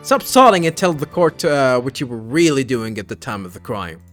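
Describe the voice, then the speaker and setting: A man's voice: medium pitch, sing-song, brisk, a bit bright, soft background music. A man voicing an earnest young defense attorney in a video game, speaking firmly and accusingly. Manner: firm, accusing.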